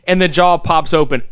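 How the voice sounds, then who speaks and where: An excitable young man recapping a movie on a podcast, swearing freely as he talks. His pitch jumps all over, and his voice comes through smooth and dry. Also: no room sound. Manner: excitable, swears a lot, laughs often. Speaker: podcast co-host. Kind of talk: casual movie recap chat.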